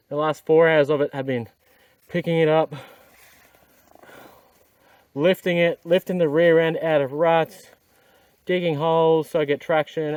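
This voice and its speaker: An exhausted Australian adventure motorcycle vlogger rides his motorbike on an outdoor dirt trail, narrating casually to an action camera. His voice is a little high, with no room sound.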